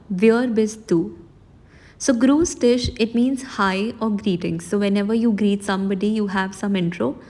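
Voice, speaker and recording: A woman teaching a German lesson online, explaining patiently word by word and slowing down to stress each new word. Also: mid-range voice, darkish tone. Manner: slows and stresses the foreign words she teaches.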